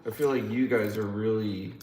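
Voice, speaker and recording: A man's voice: on the low side, fairly even intonation, normal speed, reverberant, background noise. A man, the host's friend, chiming in on a casual stream in a laid-back, teasing way.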